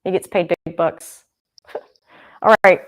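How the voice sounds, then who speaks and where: A young woman talks her way through a live football broadcast. She rambles and thinks out loud and keeps circling back to the action on screen. She sounds like a casual livestream host. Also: on the low side, steady tone, slow. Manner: chatty and rambling, thinking aloud. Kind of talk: casual live game commentary.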